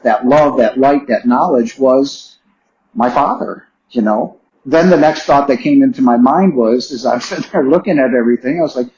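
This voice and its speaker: A man's voice: medium pitch, a little mellow. A middle-aged man speaks as a podcast guest, sharing a personal story with earnest emotion and insistent repetition. His voice sits in an ordinary middle register. The recording is echoey, with a slightly dull, narrowed tone. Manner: earnest and emotional, repeating phrases for emphasis. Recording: roomy, slightly dull sound.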